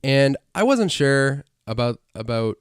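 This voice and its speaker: Young man, podcast co-host, enthusiastic, jokey, crisp voice, lively pitch, dry room. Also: a little slow, dry recording. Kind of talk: casual chat.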